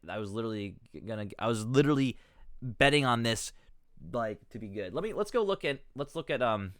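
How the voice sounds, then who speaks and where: A man's voice: fairly low pitch, fairly bright tone, no echo, clean studio sound. A man streaming live, swearing and ranting with exasperation, rambling and cutting himself off as he talks. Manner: rambling, self-interrupting.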